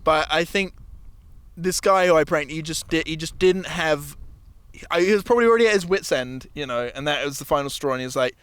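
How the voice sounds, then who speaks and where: A young man with a high voice chats casually on a podcast. He tells stories animatedly, acting out other people's lines. The recording is close and dry. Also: fairly quick, clean tone, dry recording. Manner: animated storytelling with acted-out quotes, laughs often. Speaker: podcast host. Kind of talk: casual chat.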